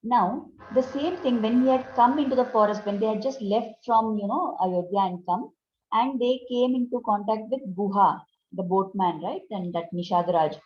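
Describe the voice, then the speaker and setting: A woman's voice: fairly high pitch, moderate pace. A woman giving a devotional talk on scripture as a spiritual teacher, explaining in a conversational way and often asking her listeners questions. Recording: roomy, dull lo-fi recording.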